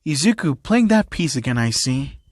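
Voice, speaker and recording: A man reading as a calm fatherly principal. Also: mid-range voice, normal speed, no echo, studio quality. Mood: patient. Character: patient, fatherly male school principal.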